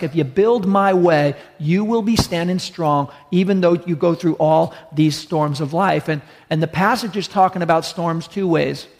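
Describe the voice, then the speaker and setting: Gravelly man preaching in a reverberant hall. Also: fairly high pitch. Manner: storytelling, acts out dialogue, slows for emphasis. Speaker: pastor. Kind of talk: sermon.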